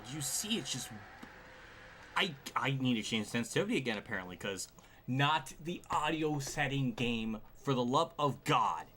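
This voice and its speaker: A man's voice: mid-range voice, sharp tone, slight background noise. A male streamer giving live gameplay commentary, frustrated, swearing and sighing often.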